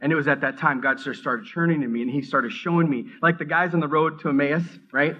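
A middle-aged man from the Minneapolis area telling his personal faith testimony, earnest and halting, often restarting his sentences as his excitement builds. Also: fairly high pitch, lo-fi sound. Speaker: seminary student giving testimony.

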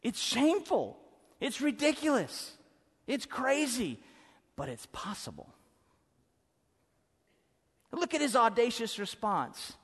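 A man preaching a sermon as pastor, emphatic and swinging from loud to hushed. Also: very high-pitched, sing-song, slow, pauses often, husky. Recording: preaching in a hall with long reverb.

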